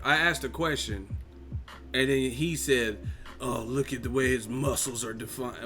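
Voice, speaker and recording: A man hosts a casual live stream, reading viewer comments aloud and roasting them with loud, profane disbelief. His voice swings high when he reacts. Faint music sits under his talk. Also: moderate pace. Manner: animated, profane, mocking, quoting chat in funny voices. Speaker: boxing live stream host.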